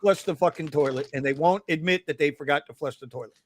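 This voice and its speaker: A man's voice: on the high side, fast talker. A man hosting a rideshare podcast, speaking bluntly and cursing freely. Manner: blunt, profane, fired up. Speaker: podcast host. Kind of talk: casual podcast chat.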